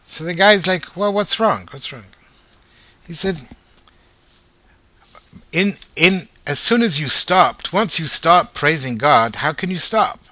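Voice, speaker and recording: A man teaching Torah in a lively way, asking his listeners rhetorical questions. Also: on the high side, slow, no echo. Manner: animated, asks rhetorical questions.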